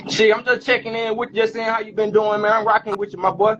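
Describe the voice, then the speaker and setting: A man calling in to a livestream from work, loudly and friendly, just checking in. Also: sits high, flat delivery, quick pace, dull audio, noisy background. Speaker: caller. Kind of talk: casual chat.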